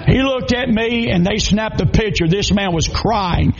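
A man's voice: sits high, a little slow, creaky, a little hiss or hum. A man from South Georgia with a Southern accent, preaching a sermon in a folksy, humorous storytelling way and raising his voice at times. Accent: Southern American (Georgia). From South Georgia, USA. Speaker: pastor. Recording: dull lo-fi recording.

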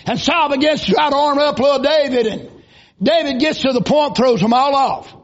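A man preaches a revival sermon in a church, folksy and given to shouted bursts. His voice sits very high. The recording is dull and lo-fi. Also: brisk. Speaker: visiting preacher.

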